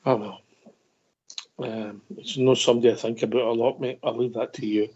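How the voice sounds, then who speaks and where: A man hosting a football phone-in in casual chat, measured and hesitant, often saying "uh" and "mate". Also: mid-range voice, level tone, dark tone, husky. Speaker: host. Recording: dull lo-fi stream audio.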